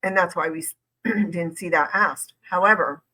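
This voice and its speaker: A woman lawyer talks through a case in casual commentary, leaning hard on key words and repeating them. Her voice sits a little low but comes across bright and forceful. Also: moderate pace, low-quality recording. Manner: conversational, emphatic, repeats points for stress. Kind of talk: reaction commentary.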